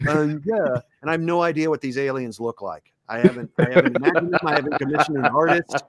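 A man, a voice actor, talking casually as a podcast guest, enthusiastic and dropping into quick character voices. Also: a little high, a loud crowd. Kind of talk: casual chat.

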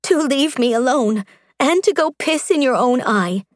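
A woman's voice: high voice, lively intonation, a little slow, no echo, clean studio sound, pitched above the performer's own voice. A woman voicing a determined young heroine. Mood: tearful.

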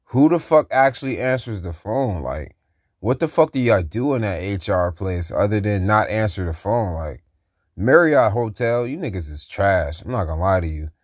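A man's voice: fairly low pitch, lively intonation, moderate pace, no room sound, clean studio sound. A young man hosting his own podcast, venting in a profane, repetitive rant. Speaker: podcast host. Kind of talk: angry solo rant.

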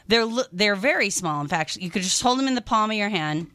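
A woman hosts a radio shopping show in a loose, chatty way, quick to exclaim in disgust. Her voice is bright and forward. The studio sound is dry and close. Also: medium pitch, animated, no echo. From lived in New York. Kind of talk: casual radio chat.

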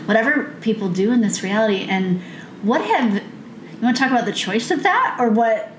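A woman's voice: a little high, expressive, fairly quick. A woman hosting a podcast interview, asking questions and offering short encouraging replies. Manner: brief encouraging backchannels. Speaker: podcast host. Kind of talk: casual interview chat. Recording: echoey room with faint noise.

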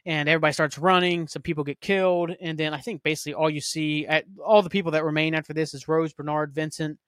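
A man's voice: a little high, flat delivery, fast, a bit bright, clear, resonant tone, no echo, clean studio sound. A man hosting a podcast, chatting casually and rambling through a TV recap with lots of fillers and some swearing. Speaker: podcast host. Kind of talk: casual solo recap chat.

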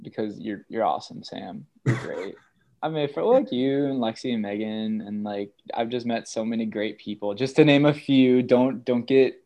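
A young man in his twenties, a student guest in a casual chat, telling stories with animated put-on voices for quotes. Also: mid-range voice, normal speed, highs cut off. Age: 20s.

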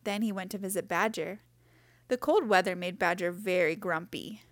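A woman reading a children's picture book aloud in a gentle, expressive way. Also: fairly low pitch, normal speed, no echo. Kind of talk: storybook read-aloud.

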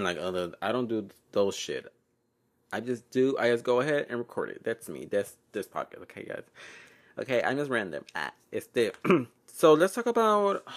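A young man hosting a casual solo podcast from home, rambling and profane, laughing often and slipping Spanish words in. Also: on the low side. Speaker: podcast host.

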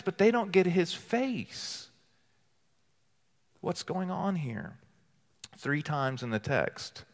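A man preaching a sermon as teaching pastor, earnest and deliberate, building emphasis through repeated phrases and reading scripture aloud slowly. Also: mid-range voice. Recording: long hall reverb.

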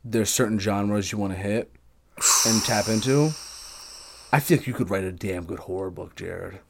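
A man's voice: on the low side, normal speed, gravelly, heavy background noise. A man hosting a podcast, teasing and enthusiastic in casual chat. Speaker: podcast host.

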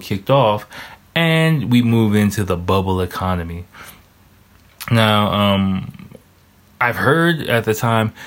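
A man in a casual solo monologue, rambling with heavy swearing and thinking aloud as he searches online. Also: lowish voice. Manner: stops to search charts online while talking.

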